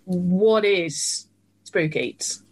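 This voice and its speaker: A woman's voice: on the low side, very slow, husky. A woman from the UK hosting a radio show, chatting casually and enthusiastically with a guest. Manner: chatty, enthusiastic, laughs easily. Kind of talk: casual interview chat.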